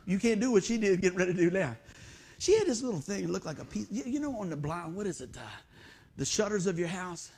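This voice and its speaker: A preacher with a high-pitched voice spins a folksy story from the pulpit. He acts out the voices and sound effects as he talks, then leans into the sermon. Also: expressive, fast talker, a little mellow, slight background noise.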